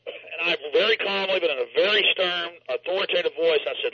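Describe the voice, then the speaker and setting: A man's voice: high voice, brisk, sharp tone, husky. A man telling a story dramatically and emphatically in an interview, over a dull lo-fi line. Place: New York.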